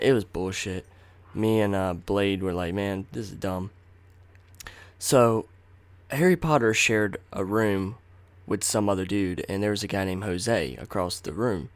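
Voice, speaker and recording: A man telling a personal story in a casual, slangy, profane way, acting out what people said. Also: lowish voice. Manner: profane, slangy, acts out quotes. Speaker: storyteller host.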